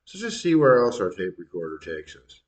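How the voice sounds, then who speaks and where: A man with a very low voice hosts his own show, introducing recorded clips with wry, crude asides. He rants jokingly, then takes the edge off his own words. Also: very animated, brisk. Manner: wry, crude, self-correcting. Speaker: podcast host. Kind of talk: comic commentary between clips.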